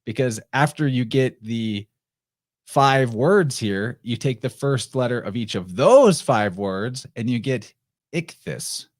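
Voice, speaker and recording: A man hosting a podcast, reading old prophetic verse aloud in a slow, solemn way and explaining it. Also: mid-range voice, animated, dry recording, clean studio sound. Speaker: podcast host.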